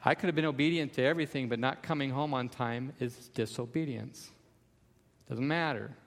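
A man's voice: mid-range voice, normal speed, big-room sound. A man preaching a sermon as pastor, emphatic, with repeated refrains.

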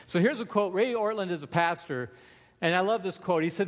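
Male pastor preaching hard, kinda high voice, big echoey church hall. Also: a little fast. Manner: emphatic preaching with repeated refrains. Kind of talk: sermon.

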